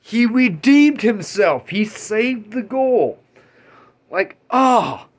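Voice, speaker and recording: A man talking about a movie he loves in a casual, excitable rant, swearing freely and laughing as he talks. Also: high voice, drawn-out words. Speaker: movie reviewer.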